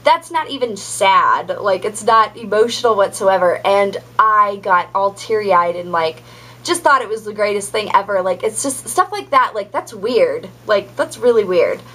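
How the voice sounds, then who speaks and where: A woman's voice: medium pitch, expressive, moderate pace, a bit bright, rough recording. A young adult woman giving a casual pregnancy update vlog, chatty and rambling with many ums and likes. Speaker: vlogger.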